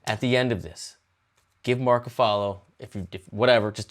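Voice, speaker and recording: A man talking to camera on his music channel, earnest and emphatic, swinging from loud bursts to hushed lines. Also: on the low side, fairly even intonation, moderate pace. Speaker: music YouTuber. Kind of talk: impassioned talk to camera.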